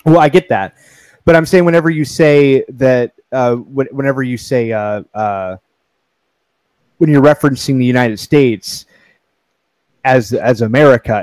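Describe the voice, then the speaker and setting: A man's voice: medium pitch, a little mellow, no echo. Hesitant man in a dry recording. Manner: hesitant, halting restarts. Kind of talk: casual group chat.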